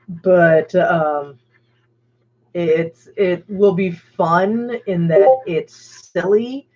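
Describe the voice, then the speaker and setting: A woman's voice: on the low side, steady tone, very slow, a little mellow. A woman hosting a livestream, chatting casually with many fillers and laughs. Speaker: stream host. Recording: dull lo-fi stream audio.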